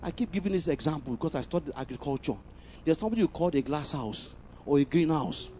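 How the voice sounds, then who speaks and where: A high-voiced man preaches with emphatic force, stopping to ask the congregation whether they are with him. The recording is a little muffled, with faint noise in the background. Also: expressive, quick pace. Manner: emphatic, asks the congregation questions, bursts into loud exclamations. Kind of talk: sermon.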